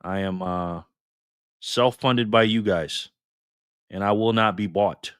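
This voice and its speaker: A man's voice: fairly low pitch, takes it slowly, fairly bright tone, clean tone, dry recording, studio quality. A man hosting a casual live stream, upbeat and chatty as he reads out viewer names and thanks them one by one.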